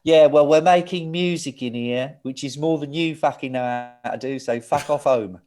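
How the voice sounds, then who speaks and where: A man's voice: fairly high pitch, normal speed, a little mellow, close to an everyday voice. Man doing a brash, foul-mouthed rocker, raised and bossy. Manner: blunt, swearing, bossy. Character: brash, foul-mouthed male rock singer.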